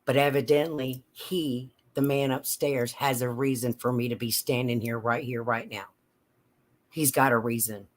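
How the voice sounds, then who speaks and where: A woman telling a personal story in a slow, halting, emotional way. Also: rumbling low, steady tone. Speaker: vlogger.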